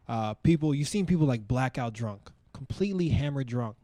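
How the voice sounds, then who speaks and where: A man's voice: mid-range voice, animated, normal speed, warm tone, dry recording. A male stand-up comedian talking to a live audience on stage in a conversational style, full of asides like "you know" and "like".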